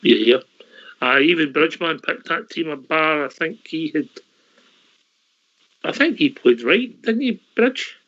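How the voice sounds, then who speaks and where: A Scottish man hosts a casual online call-in chat, his voice sitting a touch high. He talks in a loose, chatty way, dropping words like aye and wee. The audio is slightly dull, like an online call. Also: animated, measured pace, long pauses, sharp tone. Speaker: call-in show host.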